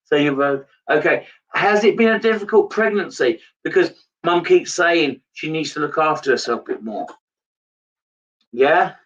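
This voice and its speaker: A man's voice: fairly high pitch, expressive, normal speed, distant mic, dull audio. A man giving a live psychic reading, earnest and repetitive in his phrasing. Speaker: medium.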